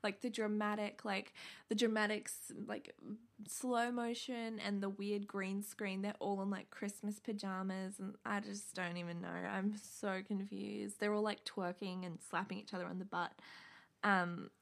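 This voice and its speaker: A woman co-hosting a casual podcast, talking at an everyday middle pitch. She swears freely and animates her retelling by acting out quoted lines in put-on voices. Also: flat delivery, moderate pace, creaky. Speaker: podcast co-host. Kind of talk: casual chat.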